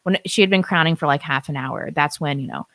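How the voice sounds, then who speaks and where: A woman co-hosting a live stream, telling her story in a casual, animated way, acting out what people said and laughing often. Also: low-pitched, fairly quick, no room sound.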